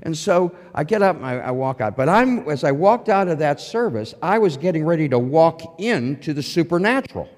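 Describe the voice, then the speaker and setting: A man's voice: fairly high pitch, moderate pace, few pauses. A man telling a humorous personal faith testimony, acting out the quotes as he goes. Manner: animated storytelling with acted-out quotes. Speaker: testimony speaker. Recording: long hall reverb.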